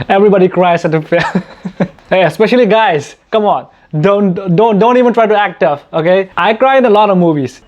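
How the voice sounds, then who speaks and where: A young Indian man hosts a casual Q&A chat for his YouTube channel, chatty and self-mocking, laughing often. His voice sits high with a darkish tone, and the sound is lo-fi.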